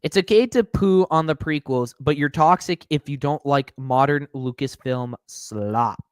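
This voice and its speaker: A man's voice: mid-range voice, a little slow, smooth, no room sound, clean studio sound. A man hosting a live stream, reading viewer comments aloud and answering them with sarcastic, mocking commentary.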